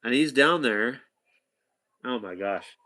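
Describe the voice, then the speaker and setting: A man spins a loose, chatty anecdote in a bright, forceful voice. He wanders and restarts, pausing for asides to his listener. His pitch sits in a normal middle register. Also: expressive. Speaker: storyteller talking to a companion. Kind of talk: casual anecdote telling.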